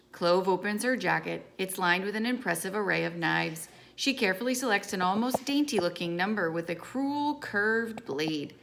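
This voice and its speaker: A woman reading a novel aloud in steady first-person storytelling. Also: medium pitch, moderate pace, vocal fry, hardly any pauses, a little hiss or hum. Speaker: audiobook reader.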